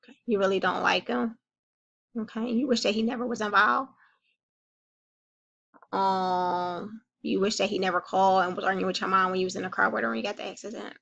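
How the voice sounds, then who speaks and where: A woman playing a gentle, gravelly-voiced counselor. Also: medium pitch, steady tone, a little fast, long pauses, muffled recording. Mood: gently probing. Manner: gentle, patient, reassuring. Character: calm, caring female counselor comforting a child. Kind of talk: role-played counseling session.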